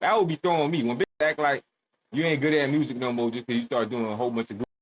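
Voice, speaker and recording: A man's voice: mid-range voice, steady tone, fast talker. A man hosting a reaction video, chatting casually in heavy slang with bursts of disbelief.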